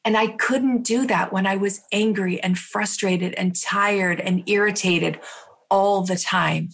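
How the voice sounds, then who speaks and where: A woman guest in an interview, telling an emotional personal story vividly, repeating phrases and slowing down for emphasis. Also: mid-range voice, fairly even intonation, vocal fry, fairly bright tone. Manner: vivid, repetitive, slows down for emphasis.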